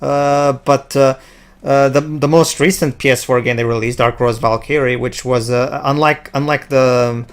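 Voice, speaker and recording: A man's voice: medium pitch, moderate pace. A man chatting casually while playing a video game, rambling and restarting his sentences often. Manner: rambling, restarts a lot, excitable. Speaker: let's play commentator. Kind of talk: casual gaming chat.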